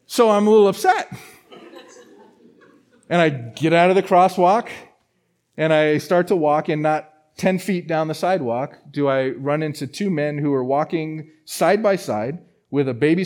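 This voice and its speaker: A man's voice: on the high side, measured pace. Man preaching a storytelling sermon. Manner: storytelling, animated with many restarts. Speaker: pastor. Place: church.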